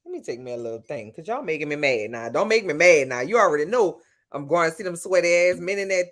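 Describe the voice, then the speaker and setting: On a nighttime live stream from home, a Louisiana woman with a low, expressive voice talks fairly quickly as she answers chat. Her accent is pure Louisiana, and she's sassy and playful, speaking straight to the viewers watching.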